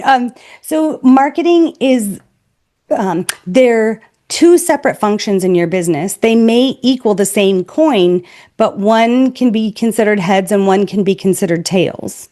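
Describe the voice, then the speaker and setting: A woman's voice: medium pitch, lively intonation, a little slow, mellow. A woman sales trainer speaking as a podcast guest, blunt and emphatic. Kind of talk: podcast interview.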